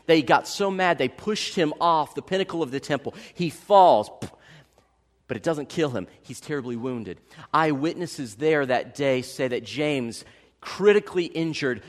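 A man preaching a sermon as pastor, telling stories with big swings from loud, excited bursts to hushed, solemn passages. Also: on the high side. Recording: long hall reverb.

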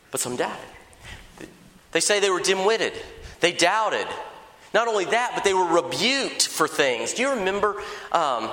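Bright-voiced preacher in an echoey hall. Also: male voice, high-pitched, a little slow, pauses often. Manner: lively, conversational preaching with acted-out dialogue. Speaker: pastor. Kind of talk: sermon. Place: large church hall.

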